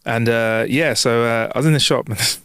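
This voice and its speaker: A man's voice: medium pitch, normal speed, smooth, no echo, studio quality. A man hosting a podcast, chatting casually, laughing often as he tells his stories. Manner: laughs often, animated storytelling. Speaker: podcast host. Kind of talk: casual chat.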